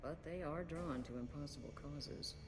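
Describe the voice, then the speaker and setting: A woman's voice: low-pitched, moderate pace, background noise. An actress voicing a tough, guarded alien female police detective in a video game, curt and no-nonsense.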